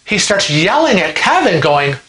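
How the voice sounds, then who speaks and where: A man hosting a vlog, telling a story in a chatty, animated way and acting out the people in it. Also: sits high, normal speed. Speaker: vlog host. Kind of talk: casual storytelling. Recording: roomy echo.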